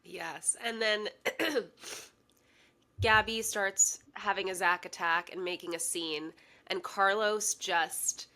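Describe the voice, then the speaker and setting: A woman's voice: medium pitch, takes it slowly. A woman co-hosting a podcast, casually recapping a TV episode and laughing often. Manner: lively, laughs loudly. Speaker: podcast co-host. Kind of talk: casual chat recapping a TV show.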